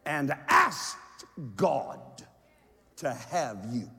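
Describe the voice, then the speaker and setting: A man preaching a sermon with drawn-out emphasis, swinging from hushed lines to shouts. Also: sits high, huge pitch swings. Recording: long echo from a large hall.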